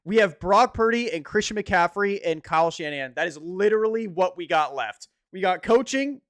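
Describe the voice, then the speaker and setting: A young man in casual sports chat, animated and swearing as he rants about football. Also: high voice, normal speed, dry recording, clean studio sound. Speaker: podcast co-host.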